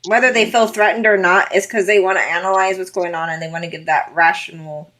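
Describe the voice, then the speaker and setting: A woman's voice: on the low side, steady tone, fast, a bit bright. A woman co-hosting a podcast in casual chat, talking in a loose, filler-heavy way and laughing often. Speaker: podcast co-host.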